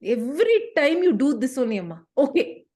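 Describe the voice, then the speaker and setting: A woman's voice: sits high, sing-song, brisk, warm tone, pitched above the performer's own voice. A woman playing a sulky ten-year-old girl who talks back to her mother, whiny and stammering.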